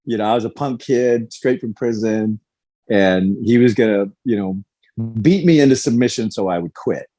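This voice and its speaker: A man's voice: fairly low pitch, moderate pace, mellow. A man in his fifties, a guest in a podcast interview, telling his story candidly and animatedly, acting out quoted lines. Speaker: guest, former fighter.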